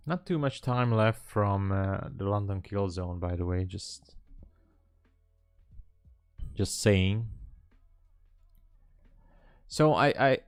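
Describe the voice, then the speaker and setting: Deep, slow-talking man streaming live. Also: clear, resonant tone, no echo, faint music behind. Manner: rambling, hesitant, chatting with viewers. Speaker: livestream trading host. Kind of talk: casual live-stream commentary.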